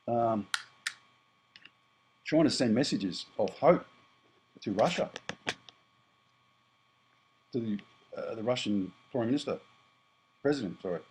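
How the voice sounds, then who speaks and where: An Australian prepper in his fifties vlogs a casual monologue to camera, speaking bluntly, rambling and often correcting himself. His mid-range voice has a darkish tone, and the rough recording carries slight background noise.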